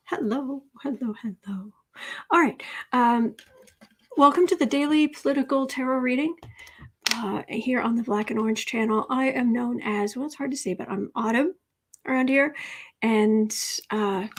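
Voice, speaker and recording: A woman's voice: fairly high pitch, husky. A middle-aged woman hosting a livestream, chatting casually and rambling as she greets viewers by name. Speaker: tarot reading livestream host.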